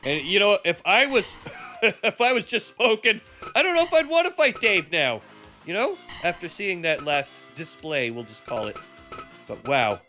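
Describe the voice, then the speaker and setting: A man streaming comedic wrestling commentary, loud, joking and cursing, with faint music behind him. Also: high voice, big pitch swings, normal speed. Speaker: streamer doing fight commentary.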